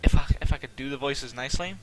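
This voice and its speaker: A man giving casual let's-play commentary, rambling and self-deprecating, with a somewhat monotone delivery and lots of fillers. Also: medium pitch, fast.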